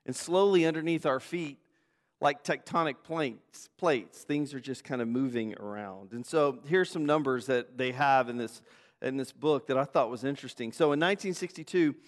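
Man preaching in a reverberant church. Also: a little high. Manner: earnest, with frequent fillers and restarts. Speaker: pastor. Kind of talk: sermon with prayer and scripture reading. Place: church sanctuary.

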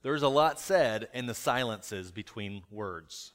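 A male pastor in a mid-range voice delivers a reflective sermon. He often asks rhetorical questions and lets the key lines fall quiet. His voice carries a long reverb through a church hall. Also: mid-range voice, lively intonation, slow pace.

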